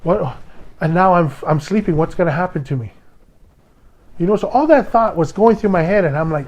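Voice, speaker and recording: A man's voice: fairly high pitch, brisk, darkish tone. A young adult man from Hawaii, hosting a casual monologue podcast and telling an emotional story with many restarts and quoted voices. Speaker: podcast host.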